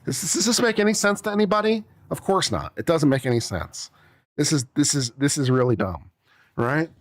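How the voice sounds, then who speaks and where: A man's voice: mid-range voice, big pitch swings, moderate pace, dry recording, clean studio sound. A man with a mid-range voice gives casual legal commentary. He sounds sarcastic and exasperated as he reads passages from a brief and pokes holes in them. He keeps it loose and conversational. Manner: sarcastic, exasperated, acts out little scenes. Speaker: attorney commentator.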